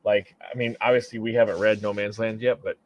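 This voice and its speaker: A man's voice: lowish voice, level tone, fairly quick, darkish tone, muffled recording, slight background noise. A man co-hosting a casual comic book discussion, mostly chiming in briefly. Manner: brief agreeing interjections.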